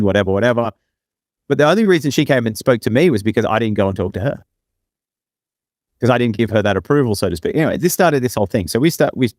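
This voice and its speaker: A young male podcast co-host tells a casual story in a middle-pitched voice. He rambles, padding his sentences with fillers and checking in with "right?". The sound is dry and close to the mic. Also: no echo.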